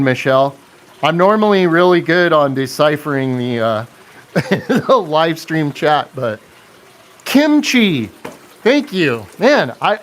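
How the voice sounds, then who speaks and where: Slow-talking man hosting a live stream. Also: sits high, a bit bright. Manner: chatty, reads and answers viewer comments, laughs often. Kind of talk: casual live stream chat.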